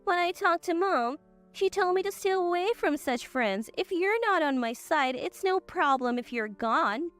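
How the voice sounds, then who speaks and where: A woman's voice: extremely high pitch, expressive, measured pace, a bit bright, faint music behind, voice pushed up, heavily acted. A woman voicing a selfish, spoiled young mother who talks in a whiny, self-pitying way. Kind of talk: storybook drama narration.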